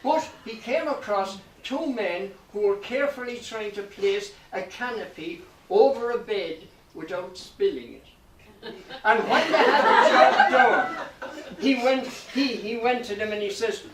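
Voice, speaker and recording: A high-voiced man spins a lilting nonsense folk tale to a live audience. He is picked up from a distance, so the hall echoes around him. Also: measured pace, a bit bright, slight background noise. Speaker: storyteller.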